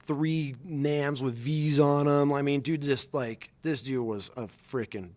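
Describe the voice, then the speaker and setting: A middle-aged man, a former Marine, telling stories on a podcast in a casual, slangy and animated way, acting out quotes. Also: medium pitch, takes it slowly. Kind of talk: casual storytelling.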